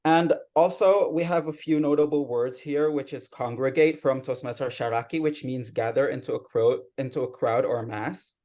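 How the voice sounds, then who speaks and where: A man's voice: mid-range voice, normal speed, hardly any pauses. A man giving a patient, explanatory grammar report as club grammarian at an online meeting, speaking over a video call. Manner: patient explaining, steady teacherly tone.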